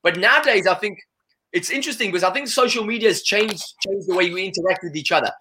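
A man holds forth as an interview guest, rattling along at a rapid clip. His voice is bright and somewhat high, and he peppers every thought with "you know." He sounds like a seasoned salesman talking shop. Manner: animated, full of "you know" fillers. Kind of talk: conversational interview.

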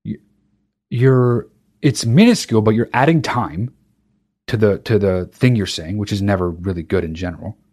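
A man's voice: on the low side, moderate pace, a little mellow. A man hosting a podcast, talking alone in a casual monologue, ranting with emphatic profanity and frequent restarts. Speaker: podcast host.

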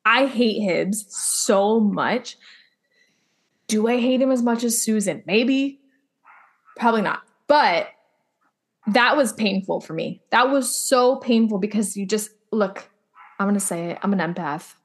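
Speaking unhurriedly in a mid-range voice, this podcast co-host swears freely as she gives blunt, emphatic reactions to a TV episode. The conversation is a casual recap chat.

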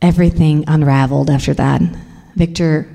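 A woman's voice: sits low, steady tone, fairly quick, vocal fry, dark tone. A young woman from Serbia, telling an intense, confessional personal story.

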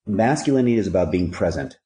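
A man's voice: low-pitched, animated, fast, warm tone, roomy sound. A man speaking as a podcast guest, telling stories and giving earnest, preachy life advice with rhyming catchphrases. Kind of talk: conversational storytelling and life advice.

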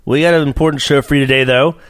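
A male podcast host who rambles, swears freely and keeps trailing off into fillers as he banters. His voice sits at an ordinary middle pitch. It is recorded close and dry, with almost no room sound. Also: fairly even intonation, very fast, dry recording. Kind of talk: casual bickering podcast chat.

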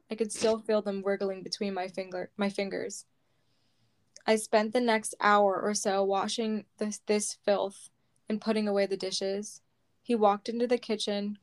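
Smooth flat-toned woman reading a memoir. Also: medium pitch. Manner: slow, heavy, measured storytelling. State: close to tears. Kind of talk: reading aloud a personal memoir.

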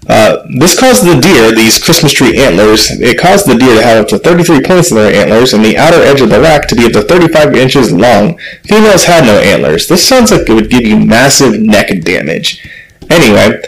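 Guy doing a fun-facts podcast, mid-pitched, keeps correcting himself and cracking jokes. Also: rough recording. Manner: chatty, self-correcting, joking asides. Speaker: podcast host. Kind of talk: reading fun facts with casual asides.

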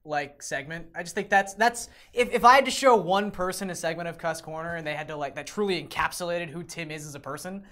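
A man's voice: fairly high pitch, brisk, hardly any pauses, bright, forceful tone. A man co-hosting a podcast who ribs his friend with dry sarcasm. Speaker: podcast co-host. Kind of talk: casual chat.

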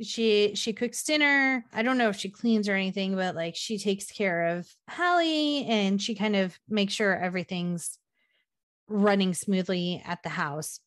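A woman's voice: medium pitch, a little slow. A woman co-hosting a podcast, chatting casually about a movie and acting out the characters' lines. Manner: animated, acts out quoted lines. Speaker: podcast co-host. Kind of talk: casual chat recapping a movie.

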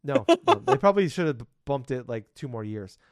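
A man's voice: mid-range voice, very animated, a little fast, dry recording, studio quality. A man in his thirties hosting a casual podcast, rambling and ranting with lots of swearing. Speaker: podcast host.

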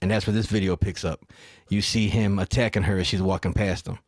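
A man hosting a podcast in casual chat, retelling a story in an animated way and acting out the quotes. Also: low-pitched, brisk, no echo, studio quality. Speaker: podcast host.

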